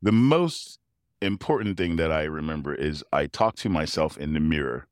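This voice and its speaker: A middle-aged man with a very low, deep voice tells personal stories in an interview, acting out the people he quotes and breaking into laughter along the way. He is recorded close to the mic in a dry space with no room echo. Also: moderate pace, clean tone. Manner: animated storyteller who acts out quoted voices and laughs often. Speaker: interview guest, professional tuba player. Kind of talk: storytelling in a casual interview.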